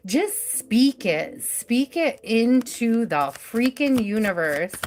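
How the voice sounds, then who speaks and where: Slow, unhurried woman reading tarot. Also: fairly high pitch, big pitch swings, darkish tone, a little hiss or hum. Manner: chatty, easygoing, mildly profane. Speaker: tarot reader hosting live readings. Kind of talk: casual live-stream tarot reading.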